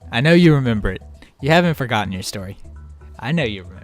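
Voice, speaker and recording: A man's voice: mid-range voice, lively intonation, fast talker. Laid-back swearing man over game music. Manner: laid-back, swears freely, laughs often. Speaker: let's play co-host. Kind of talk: casual gameplay chat.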